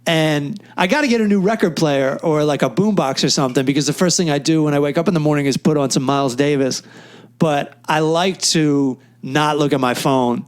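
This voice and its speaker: A man's voice: on the high side, brisk, smooth. A middle-aged man, a comedian co-hosting a podcast, chatting casually, telling anecdotes and laughing at himself. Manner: laughs often, self-deprecating, tells anecdotes.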